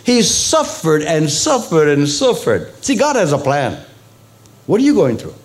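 A male pastor delivers a sermon at a measured pace, his pitch swooping wildly. He hits sudden, high emphatic peaks and drops in conversational asides to the congregation.

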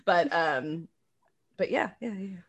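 Low-voiced woman chatting animatedly about theater. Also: takes it slowly, creaky, slightly rough, lo-fi sound. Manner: animated, laughs often, many fillers and restarts. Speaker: theater practitioner discussing a production. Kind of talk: casual conversation about a play.

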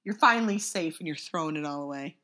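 Animated bright-voiced woman podcaster. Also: sits low, quick pace. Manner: animated, lots of fillers and silly voices. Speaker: podcast co-host. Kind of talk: casual chat.

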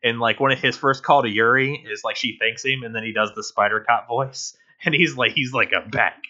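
A man's voice: medium pitch, fairly even intonation, a little fast, pushed and bright, highs cut off. A man co-hosting a casual game review podcast, rambling and restarting his sentences, swearing offhandedly. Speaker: podcast co-host.

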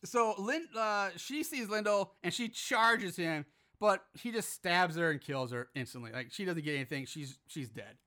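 A man's voice: high voice, lively intonation, normal speed, sharp tone. A man recapping a movie in casual chat, ranting with frequent swearing and exasperation. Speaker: podcast host.

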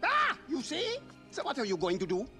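An actor voicing an old male baboon mystic in an animated film, playful and wise, with a creaky, cackling voice and a slow, teasing, sing-song delivery. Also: very high voice, music in the background, exaggerated voice.

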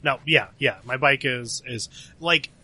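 Bright-voiced male player, halting. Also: mid-range voice. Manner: hesitant, repeating words. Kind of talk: casual tabletop play.

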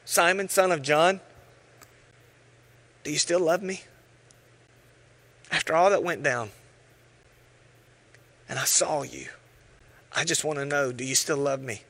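A man preaching a sermon, telling stories with animated voices and sometimes dropping to a hush. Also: on the high side. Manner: animated storytelling, acting out voices, dropping to hushed tones. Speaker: pastor.

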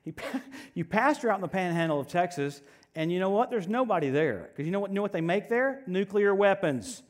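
A male pastor preaching a sermon in an animated, joking way, swinging from loud outbursts to soft asides. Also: sits high, fairly quick.

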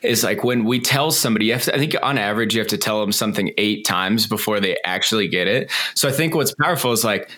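Bright-voiced man, earnest podcast host. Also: lowish voice, fast, hardly any pauses. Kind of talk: casual interview chat.

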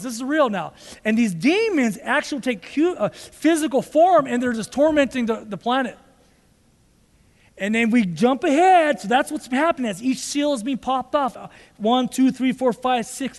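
A male pastor preaching a sermon and praying, acting out quoted speech with animated delivery. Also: extremely high pitch, big-room sound.

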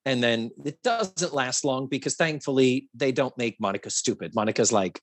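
A man hosting a podcast in a casual chat, talking in an animated, profane way and acting out quotes from a sitcom. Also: mid-range voice, moderate pace, few pauses, breathy edge, no echo. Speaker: podcast host.

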